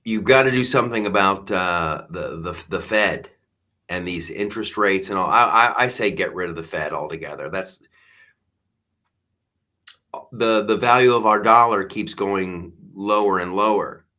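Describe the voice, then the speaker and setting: Male comedy show host, sarcastic exasperated rant, bright forceful tone. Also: sits low. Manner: exasperated, sarcastic, fast restarts. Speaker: comedian host of a live news talk show. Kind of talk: ranting comedic commentary.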